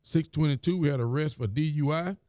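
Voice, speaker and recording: A man's voice: a little high, a little fast, warm tone, dry recording. A man, a county sheriff, reading the week's reports and talking in a plain, folksy way on a live stream. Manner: plain, folksy, repeats phrases.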